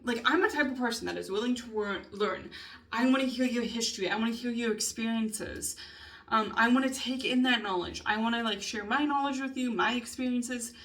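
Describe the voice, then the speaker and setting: A woman's voice: on the high side, fairly bright tone. A young adult woman vlogging a casual spoken journal, rambling with lots of fillers, swearing, laughing and sighing as she talks. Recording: voice a bit far from mic.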